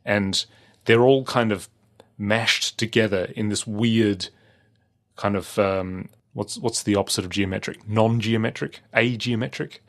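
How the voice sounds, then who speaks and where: Aussie guy with a lowish voice, chatty podcast cohost, lots of ums and restarts. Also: a little slow. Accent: Australian. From Australia. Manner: rambling, many fillers and restarts, chuckles often. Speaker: podcast co-host. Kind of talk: casual chat.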